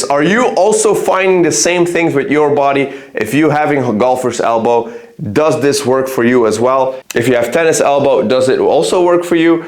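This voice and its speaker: Earnest man in an echoey room. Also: medium pitch. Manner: earnest, thinks aloud, points to his own arms. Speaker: fitness vlogger. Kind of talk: casual explanatory talk to camera.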